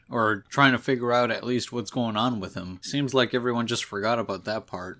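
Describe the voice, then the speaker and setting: A man's voice: mid-range voice, a bit bright. Man casually reviewing a comic. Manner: chatty and offhand, with casual swearing and restarts.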